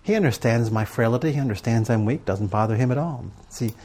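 A man's voice: medium pitch, brisk, a little mellow. Man preaching in a conversational tone. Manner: conversational storytelling with rhetorical questions. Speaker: preacher teaching on prayer and journaling. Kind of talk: sermon to a live audience.

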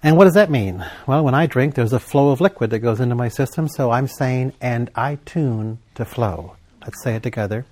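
A man preaching a sermon, leading his congregation in call-and-response and slowing down for emphasis. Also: mid-range voice, darkish tone. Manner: call-and-response, prompting the congregation to fill in words; emphatic, with slow deliberate stretches.

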